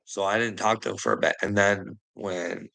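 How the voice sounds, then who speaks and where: Gravelly man, rambling and swearing. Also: on the low side, fairly even intonation, normal speed, poor audio. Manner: rambling, heavy swearing, frequent "you know what I mean"; trails off quietly at phrase ends. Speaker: vlogger. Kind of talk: casual monologue to camera.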